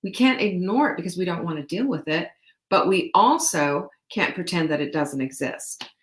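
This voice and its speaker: A woman's voice: fairly low pitch, lively intonation, normal speed, roomy sound. A woman hosting a live-stream show, talking to her viewers in an earnest, emphatic way, restarting phrases and laughing a little. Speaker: show host.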